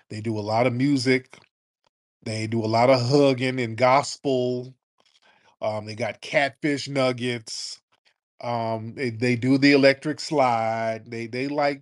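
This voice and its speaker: A man hosting a call-in radio show, talking bluntly in a casual, mocking, slangy way. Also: mid-range voice. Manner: blunt, mocking, slangy and animated, mimics people in put-on voices.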